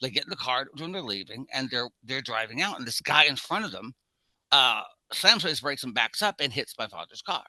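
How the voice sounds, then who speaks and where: A man co-hosting a casual film discussion, telling stories in an animated way and acting out the quotes. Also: medium pitch, fairly quick, dry recording. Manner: animated storyteller, acts out quotes. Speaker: podcast co-host.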